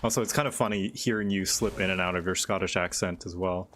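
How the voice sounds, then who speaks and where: A man's voice: low-pitched, steady tone, quick pace, fairly bright tone, slight background noise. A man chatting casually, making amused, teasing remarks. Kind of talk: casual chat.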